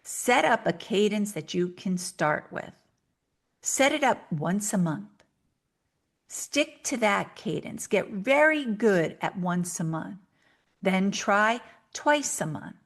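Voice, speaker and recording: A woman hosting a solo podcast, talking earnestly and directly to listeners with coaching advice, sometimes speeding up for quick acted asides. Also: medium pitch, big pitch swings. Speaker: podcast host.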